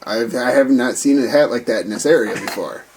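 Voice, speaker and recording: A man's voice: medium pitch, brisk, a little mellow, a little hiss or hum, poor audio. A man playing a tabletop game, chatting playfully and speaking as his character. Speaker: player.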